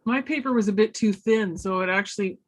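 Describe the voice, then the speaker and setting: A woman student in an online workshop talks casually about her project over a video call. Her voice has a middle pitch and an easy, amused manner. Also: a little fast. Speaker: workshop participant.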